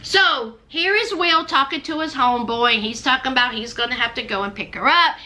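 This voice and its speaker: A woman's voice: high voice, fairly quick, sharp tone, slight background noise. A woman giving sassy, dramatic, scolding commentary on a reality show in a vlog.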